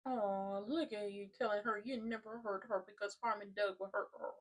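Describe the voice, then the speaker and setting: A woman giving a sassy, animated live commentary on a soap opera episode. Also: medium pitch, brisk.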